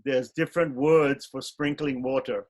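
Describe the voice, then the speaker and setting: A male student joining a class discussion at an average pitch. He puts his ideas forward tentatively, hedging and pausing as he searches for his words. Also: steady tone. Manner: tentative, suggesting.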